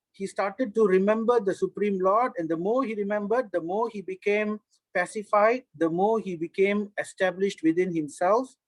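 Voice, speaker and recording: A man's voice: high-pitched, no echo, rough recording. Man giving a dry-toned scripture class. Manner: explanatory, with frequent restarts and fillers. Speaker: scripture teacher.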